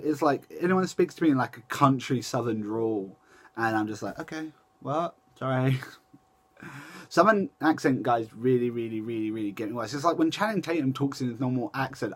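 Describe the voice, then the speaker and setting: A young man talks straight into his camera in a loose, chatty vlog style, his voice sitting in an ordinary middle range. He rambles, breaks off and restarts his sentences, and corrects himself as he goes. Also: mid-range voice. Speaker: vlogger. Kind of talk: casual chat to camera.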